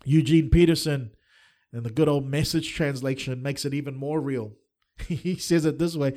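A man's voice: mid-range voice, normal speed, a little mellow. A middle-aged man preaching a livestreamed sermon, earnest and fervent, with touches of light humor. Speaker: pastor.

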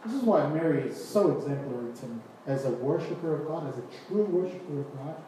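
Male preacher, high, mellow voice, animated sermon, distant mic in an echoey hall. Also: fairly quick, slight background noise. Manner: animated, acts out scripture scenes with voices and laughs.

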